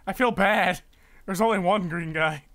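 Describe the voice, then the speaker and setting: A man's voice: high voice, normal speed, a loud crowd. A man in his twenties, a streamer and voice actor, chatting casually during a live-streamed game, stammering and restarting his sentences.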